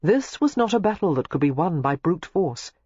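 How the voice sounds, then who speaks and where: An audiobook narrator reading a romance novel in a measured, even way, recorded on a close mic. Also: mid-range voice, husky, no room sound, highs cut off.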